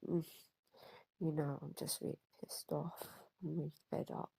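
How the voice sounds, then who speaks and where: A woman's voice: low-pitched, level tone, normal speed, vocal fry, dark tone, breathy edge, no echo, whispered, rough recording. A woman vlogging, angry and upset, talking hesitantly with a lot of fillers and self-corrections. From Britain. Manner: hesitant, stuttering, with many fillers. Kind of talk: personal vlog rant.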